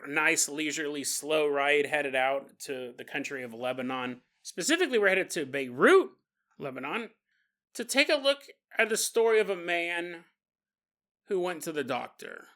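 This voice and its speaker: A man's voice: fairly high pitch, sing-song, normal speed, pushed and bright. A man hosting a podcast, telling a story in a comedic monologue, joking crudely and laughing often. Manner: crude humor. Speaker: podcast host.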